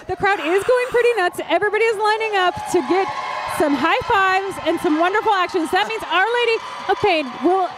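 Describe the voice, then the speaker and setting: A woman announcing roller derby live, excitable and gushing. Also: very high voice, fairly quick, background noise. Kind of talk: live sports commentary.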